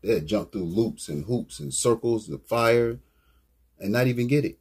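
Male rapper, mellow and deep-toned, raspy voice, casual slangy album commentary. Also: expressive, a little slow. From Virginia, US. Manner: laid-back, slangy, rambling. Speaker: rapper and brand owner.

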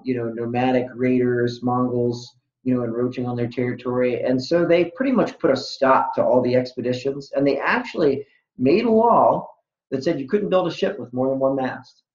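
A male history teacher expands on the lesson with careful background detail. His voice sits at an ordinary pitch. The recording is roomy and echoey, with a dull, lo-fi tone. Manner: explanatory, adds background detail. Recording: echoey room, dull lo-fi sound.

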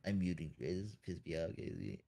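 A man's voice: sits low, very animated, moderate pace, creaky, dark tone. Laughing, sarcastic young man on voice chat. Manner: laughs a lot, sarcastic joking. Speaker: gaming friend. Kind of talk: casual gaming chat.

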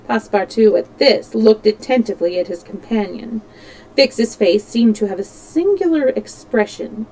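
A woman storyteller reading a classic novel aloud in a steady, measured way, with small slips that she corrects herself. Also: a little high, low-quality recording.

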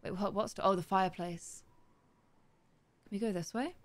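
A woman's voice: medium pitch, a little hiss or hum. Young woman host of a gaming channel, mid-range voice, curious think-aloud commentary. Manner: chatty, curious, thinks aloud and reads slowly word by word. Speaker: let's-play host. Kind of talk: gaming commentary, reading game text aloud.

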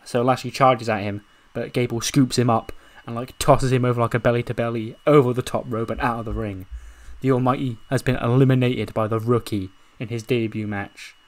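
A man narrating a wrestling management game in a casual, excited way, swearing and laughing as he goes. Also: mid-range voice, brisk. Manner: excited, swearing, laughing at his own story. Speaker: video game commentator.

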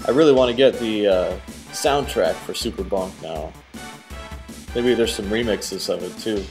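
A man giving casual, excitable commentary while playing a video game, cheering on the character and guessing at the boss's moves. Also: lowish voice, normal speed, faint music behind. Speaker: let's play host.

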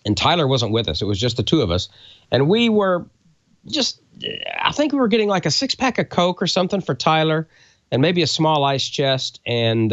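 A middle-aged man from South Louisiana, a co-host telling a heartfelt story, earnest and halting with many fillers. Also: deep voice, no room sound, dull audio. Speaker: show co-host.

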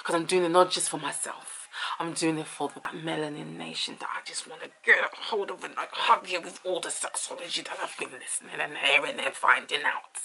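A woman's voice: deep voice, brisk, gravelly, slight background noise. A woman from Ghana hosting a casual vlog, talking animatedly and now and then dropping to a whisper. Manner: animated, drifts into whispers and singing. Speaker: host.

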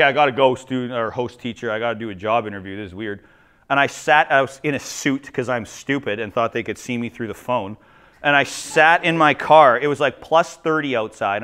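A man from Ontario, a teacher telling jokey, animated stories in a conference talk. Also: mid-range voice. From Ontario, Canada. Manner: animated, jokey, acts out quoted voices. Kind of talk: humorous storytelling presentation.

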